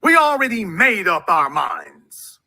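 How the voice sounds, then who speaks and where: A man hosting a call-in talk show, with a forceful, repetitive, preaching delivery. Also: sits high, big pitch swings, takes it slowly, creaky.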